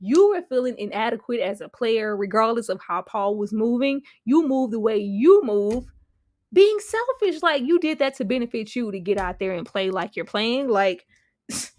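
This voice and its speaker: A woman giving a casual reaction review of a TV episode, slangy and animated, laughing often and swearing freely. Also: fairly high pitch, moderate pace, no echo, clean studio sound.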